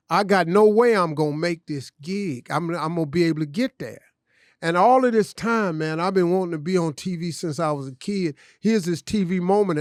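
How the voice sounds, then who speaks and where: A man's voice: on the high side, dry recording, clean studio sound. A man telling a personal story on a podcast, emphatic and conversational, often saying "man". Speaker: podcast guest, comedian. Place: studio.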